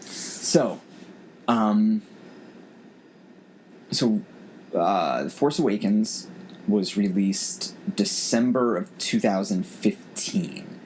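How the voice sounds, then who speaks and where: Very slow, with long pauses, this man in his forties hosts a casual podcast in a lowish, slightly mellow voice. He rambles and restarts a lot while thinking out loud, and faint background noise can be heard.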